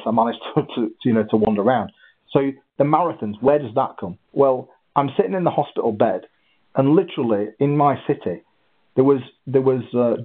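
A husky-voiced man telling his story in an interview, animated, with halting restarts. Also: mid-range voice. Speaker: guest, ultra runner. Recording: tinny phone-like line.

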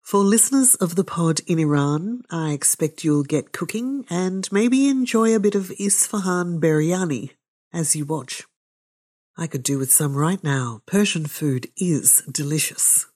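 A woman reads a novel aloud for her podcast, then adds her own remarks. Her voice is low and mellow with a dark warmth. She takes her time, every line measured and unhurried. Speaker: podcast host and reader. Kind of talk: reading a novel aloud with commentary.

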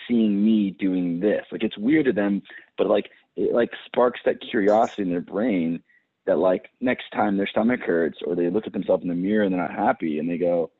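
A man's voice: low-pitched, moderate pace, husky, dry recording. A man chatting casually as a podcast guest, laid-back, filling his talk with "like" and acting out what friends say. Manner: laid-back, many "like"s, acts out quoted friends. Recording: phone-like remote call audio.

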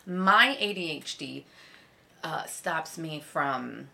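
An American woman speaks bluntly in casual chat, her voice pitched low with plenty of gravelly fry. She piles on repetition for emphasis. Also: animated, takes it slowly, pushed and bright. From United States. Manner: blunt, emphatic, repeats herself for effect. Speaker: podcast guest.

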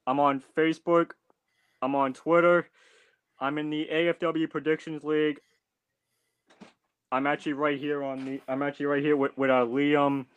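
A man's voice: fairly high pitch, level tone, moderate pace, long pauses, fairly bright tone, clean tone, dry recording, dull audio. A man chatting as a guest on a podcast, hesitant with many restarts and fillers, speaking bluntly and earnestly. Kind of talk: casual chat.

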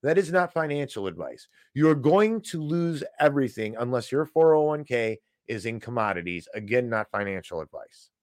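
A man's voice: mid-range voice, very animated, normal speed, hardly any pauses, no room sound. A man hosting a financial news show, giving sarcastic, ranting commentary on economic headlines and peppering it with "okay?" asides.

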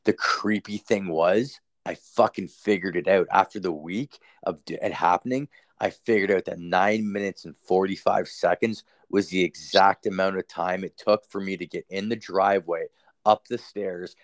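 A young man with a very deep voice, a storyteller guest, tells a ghost story in casual conversation. He rambles, swears freely and relies heavily on fillers, and the recording is dry and close.

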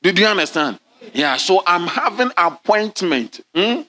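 Man, bishop preaching, church congregation, a little higher than most men, call-and-response. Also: big pitch swings, measured pace, pushed and bright. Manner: call-and-response preaching, drops to low murmurs at times. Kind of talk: sermon. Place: large church hall.

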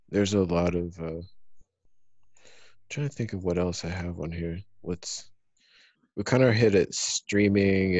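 A man co-hosting a podcast in casual chat, halting and searching for words. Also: low-pitched, darkish tone, no echo. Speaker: podcast co-host.

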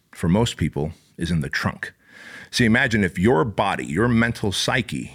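A man's voice: deep voice, fairly bright tone. A man giving a blunt, profane motivational talk, punching key words hard. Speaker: motivational speaker.

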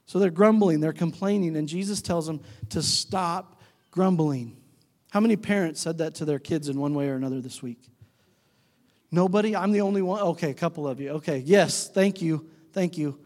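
A man's voice: normal speed, darkish tone. A man preaching a sermon as pastor, talking conversationally and putting questions to the congregation, acting out quoted voices. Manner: acts out quoted voices with shifting pitch. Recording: reverberant hall.

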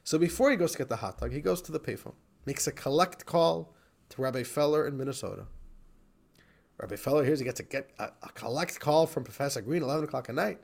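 A man's voice: mid-range voice, fast, creaky. A man teaching a Torah class who tells a story with animation and acts out the quotes.

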